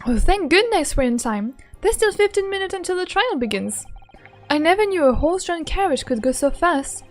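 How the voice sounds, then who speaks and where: A woman's voice: very high-pitched, big pitch swings, normal speed, faint music behind, pitched above the performer's own voice. A woman reading the lines of a cheerful, polite young female assistant from a game in her own voice. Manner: reading game dialogue aloud plainly.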